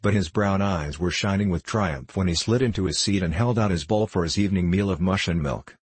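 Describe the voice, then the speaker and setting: A man narrating a story in a measured, unhurried audiobook reading. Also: low-pitched, slightly rough, dry recording.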